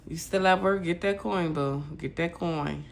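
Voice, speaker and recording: A woman from Michigan hosts a casual livestream chat with a gravelly, fry-laden voice. She talks bluntly to her viewers and curses freely. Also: lowish voice, unhurried, slight background noise. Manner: blunt, profane ranting to viewers. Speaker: livestream host.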